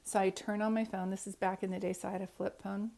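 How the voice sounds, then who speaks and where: A woman's voice: mid-range voice, little pitch movement, fast, vocal fry, warm tone. A woman, a psychic medium, earnestly telling a personal story to camera in a rambling way, often restarting her sentences.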